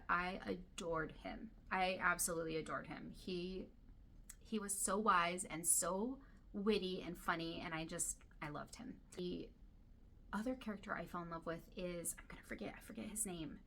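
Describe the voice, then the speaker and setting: A woman book vlogger talks casually to camera with a bright, crisp, forceful tone and a fairly low pitch. She gushes about favorites and now and then sinks into a soft whisper. Her throat sounds dry and irritated, with a faint hiss of noise behind her. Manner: chatty and gushing, drops to soft whispers.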